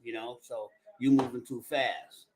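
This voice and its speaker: A man's voice: medium pitch, fairly even intonation, measured pace, noisy background. A man co-hosting a casual boxing watch-along, blunt and talking over the broadcast. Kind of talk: casual fight commentary.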